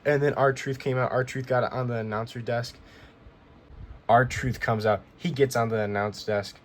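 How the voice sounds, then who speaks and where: A man's voice: mid-range voice, steady tone, a little slow, slight background noise. A man casually recapping a show as a vlog host, rambling and repeating himself as he retells what happened. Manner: rambling, repeats "he goes" often. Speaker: wrestling recap vlogger.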